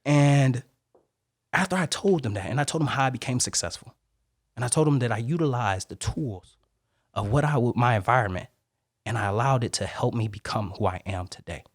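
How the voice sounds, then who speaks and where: A young man from Detroit, a Marine and motivational speaker, telling his story as a podcast guest in a lively, acted-out way. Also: mid-range voice, a little fast, no room sound, studio quality. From Detroit, Michigan. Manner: animated storyteller who acts out quoted voices.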